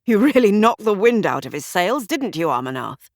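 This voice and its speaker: A man's voice: high voice, big pitch swings, moderate pace, no echo, clean studio sound. A woman doing a jovial police superintendent. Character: hearty male police superintendent, brisk and jovial.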